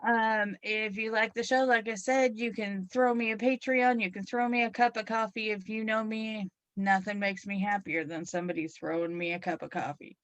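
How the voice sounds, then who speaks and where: A middle-aged woman hosts a hypnotherapy radio show in a chatty, playful way. Her voice is a bit froggy and hoarse today. The sound is close and dry, with no room around it. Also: medium pitch, steady tone, moderate pace, hardly any pauses, no room sound. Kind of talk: talk radio show with guided relaxation.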